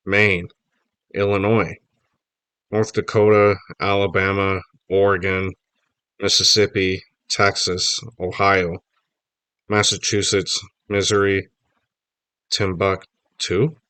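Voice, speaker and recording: A man reading a children's novel aloud, telling the story lively in first person. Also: deep voice, smooth, no echo. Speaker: audiobook reader.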